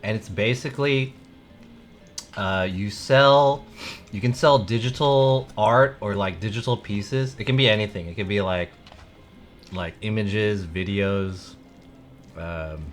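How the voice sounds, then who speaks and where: Low-voiced rambling male streamer. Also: unhurried, long pauses, faint music behind. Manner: rambling, heavy on "like" fillers. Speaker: live streamer. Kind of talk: casual chat with viewers.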